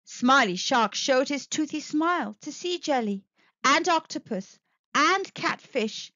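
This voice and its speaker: Slow, lively high-voiced woman reading a picture book. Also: dry recording, highs cut off. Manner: lively sing-song storybook reading. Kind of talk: children's read-aloud narration.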